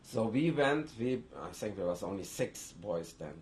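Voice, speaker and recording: An older man who grew up in Germany, seated indoors with a lapel mic, giving oral history testimony in a halting way with frequent restarts. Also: fairly low pitch, animated, darkish tone, a little hiss or hum. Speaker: interviewee.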